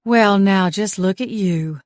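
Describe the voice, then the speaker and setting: A woman's voice: medium pitch, no echo, studio quality, natural voice. Woman doing a sweet Southern-drawling shopkeeper. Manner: slow, sweet, honeyed. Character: warm Southern woman in her forties, a shop owner. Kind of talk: audiobook character voice.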